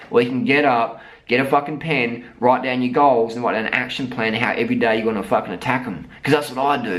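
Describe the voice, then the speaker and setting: A man's voice: mid-range voice, low-quality recording. Blunt, swearing Australian man. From South Australia. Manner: blunt, profane, emphatic. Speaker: vlogger. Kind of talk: motivational rant and storytelling.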